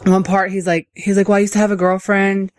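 Podcast cohost rambling through a story, says like a lot, mid pitch, dry close mic. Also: little pitch movement, a little fast, dry recording. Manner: storytelling with lots of "like". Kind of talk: casual podcast chat.

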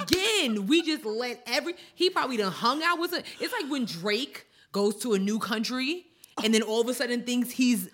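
Woman co-host with a lively, swooping, bright voice who rants with exasperation. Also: on the high side, moderate pace, a little hiss or hum. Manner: exasperated, animated ranting. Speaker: podcast co-host. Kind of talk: casual chat.

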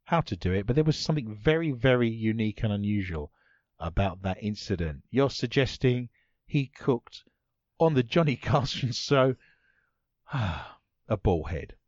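Lively man hosting a comedy quiz. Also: fairly low pitch, measured pace, no room sound, lo-fi sound. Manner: playful, teasing, punning. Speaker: quiz host.

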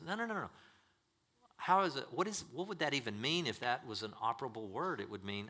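Animated, emphatic man preaching a sermon. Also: medium pitch, a little fast. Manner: emphatic preaching, swings between loud and hushed. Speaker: pastor.

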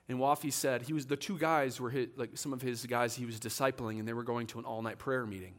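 Preaching a sermon in church, a man tells a story with animation and acts out the voices of its characters. He has a medium-pitched voice and talks fast with few pauses.

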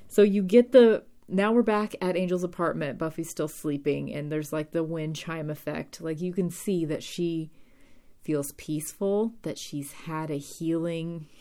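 A woman's voice: low voice, creaky, dark tone. A young woman hosting a podcast, chatting casually and rambling through a TV episode recap with offhand swearing.

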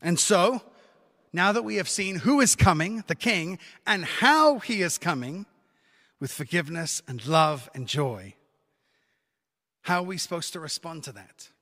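Speaking at a measured pace, a male pastor gives a lively, conversational sermon and throws joking asides to the congregation. His voice is fairly high for a man, wrapped in a long church reverb.

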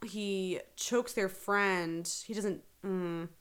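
A woman's voice: medium pitch, steady tone, extremely slow, fairly bright tone. A young adult woman co-hosting a podcast, chatting casually about a film in a joking, playful way. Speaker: podcast co-host.

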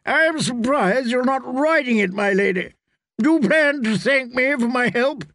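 A man's voice: extremely high pitch, animated, a little slow, a bit bright, dry recording, clean studio sound, pitched above the performer's own voice, heavily acted. A man voicing a languid, mocking young male knight in a storybook reading, drawling and sardonic. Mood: teasing.

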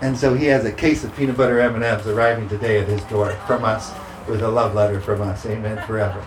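A man's voice: lowish voice, steady tone, quick pace, noisy background. Man preaching in a roomy church. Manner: emphatic, repeats scripture declarations. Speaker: pastor. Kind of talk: sermon. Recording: roomy sound with faint ambience.

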